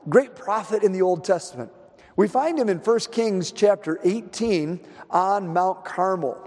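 A male pastor preaching a sermon, telling the story in an animated way and acting out the scenes. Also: fairly high pitch, big-room sound.

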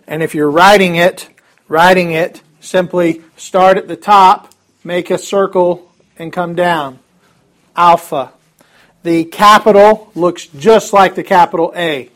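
A man teaching a Greek alphabet class in a classroom, upbeat and chatty with joking asides. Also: high voice. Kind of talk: classroom lesson.

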